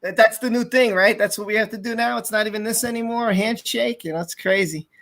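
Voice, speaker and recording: A man hosting a casual live stream, telling stories in an excited, rambling way and reading out viewer comments. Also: high-pitched, fast.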